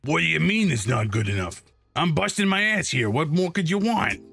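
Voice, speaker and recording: A man's voice: on the high side, sing-song, moderate pace, vocal fry, bright, forceful tone, husky, faint music behind, pitched above the performer's own voice, exaggerated voice. A man voicing Daryl, a grumbling male hotel worker, with a whiny, exasperated surfer drawl. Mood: indignant.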